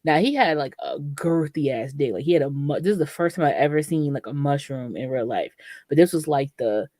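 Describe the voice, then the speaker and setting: Young woman, podcast co-host, animated and profane storyteller, very dry booth sound. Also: deep voice, fairly quick, no room sound. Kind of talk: candid storytelling chat.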